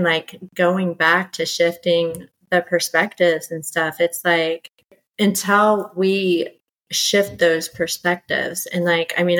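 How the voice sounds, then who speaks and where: Middle-aged woman guest, low-ish voice, candid storytelling, animated and exasperated. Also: rough recording. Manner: animated, exasperated, quoting others in lively bursts. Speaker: podcast guest.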